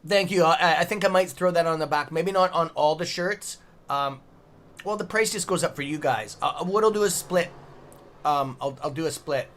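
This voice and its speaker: A man's voice: a little high, moderate pace, a bit bright. A middle-aged man casually hosting a live stream, reading chat aloud and bantering with loose swearing. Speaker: livestream trading host.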